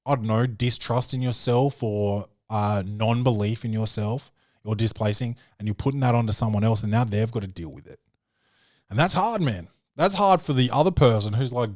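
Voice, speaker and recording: A man's voice: mid-range voice, a little mellow, no room sound, clean studio sound. A man hosting a podcast, riffing in a loose, profane, comedic way and calling the listener dude and man. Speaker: podcast host. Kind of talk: casual comedic review chat.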